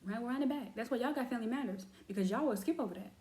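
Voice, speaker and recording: A woman's voice: fairly high pitch, racing, a little mellow, roomy sound. A woman giving a casual oracle card reading, talking chattily and calling her viewers y'all. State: has cramps. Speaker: tarot reader.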